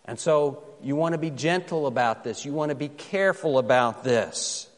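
A man preaching a sermon as pastor, telling a story in a conversational way and reading scripture slowly and with care. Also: medium pitch, lively intonation, in a large hall.

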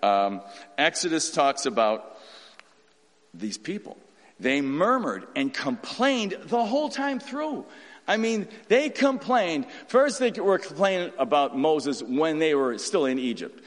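A man preaching an informal sermon in a folksy, animated way, acting out quotes in different voices. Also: on the high side, moderate pace, in a large hall. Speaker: pastor.

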